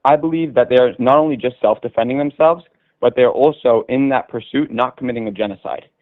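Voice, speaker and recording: Fast-talking young man on a phone line. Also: medium pitch, no room sound. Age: young adult. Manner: fast, recites prepared points. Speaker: caller. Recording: tinny dry phone line.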